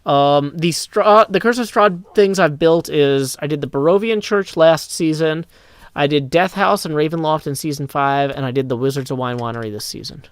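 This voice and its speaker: A man chatting casually on a live stream, reading chat aloud and rambling through answers on a desk mic that clips when loud. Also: a little high, moderate pace, clean tone, no echo.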